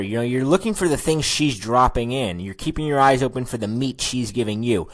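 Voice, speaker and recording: A man's voice: medium pitch, expressive, a little fast, hardly any pauses. A man teaching a recorded course lesson on conversation skills, casual and chatty, acting out sample lines of small talk. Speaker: dating and conversation coach.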